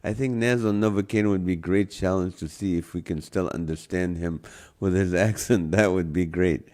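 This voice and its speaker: A man's voice: sits low, normal speed, a little mellow. A man with an accent hosting a live stream, reading out a comedy list and chatting with viewers, laughing often. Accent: non-native English accent. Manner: jokey, laughs often, greets viewers by name. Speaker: live show host.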